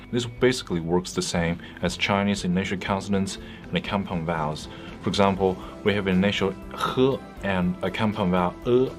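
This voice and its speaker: A man with a deep, low voice talks through a pronunciation tutorial in clear, patient, scripted narration. He is close to the mic, and faint music plays behind him. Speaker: English pronunciation teacher.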